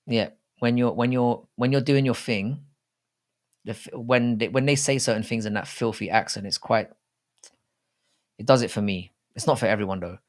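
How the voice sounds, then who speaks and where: In a mid-range voice at a moderate pace, a young man runs a live chat stream, going through viewer comments. He talks to his audience loosely, swears, and calls them "mate" and "bro."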